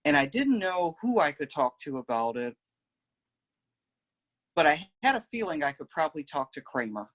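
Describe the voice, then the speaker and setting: A young man telling a personal story in a gentle, reflective, unhurried way. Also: fairly high pitch, very animated. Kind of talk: personal oral history storytelling.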